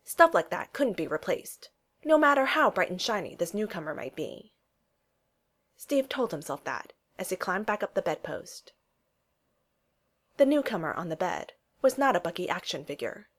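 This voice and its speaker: A woman reading a children's storybook aloud, animated and changing her voice for the dialogue. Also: lowish voice, normal speed. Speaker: narrator.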